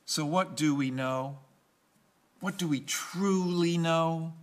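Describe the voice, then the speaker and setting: Slow, emphatic male preacher. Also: fairly high pitch. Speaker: pastor. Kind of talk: sermon.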